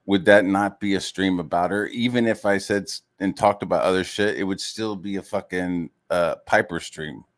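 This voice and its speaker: Streamer, male, deeper voice, heated swearing rant, mocks others. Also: moderate pace, hardly any pauses. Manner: heated, swears constantly, full of fillers. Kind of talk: profane rant.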